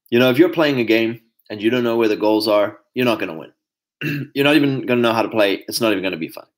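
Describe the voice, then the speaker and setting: A man giving a loose, conversational monologue to his viewers, full of fillers and acted-out quotes. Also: medium pitch. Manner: conversational, many fillers, acts out quoted voices. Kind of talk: casual monologue.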